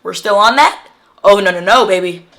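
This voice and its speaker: Woman, casual storytime vlogger, slangy, animated, mid-range voice. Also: medium pitch, normal speed. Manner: animated, slangy, acts out what others said.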